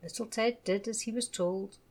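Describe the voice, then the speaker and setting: A woman gently reading a children's story aloud. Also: mid-range voice, fairly even intonation. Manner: gentle, measured.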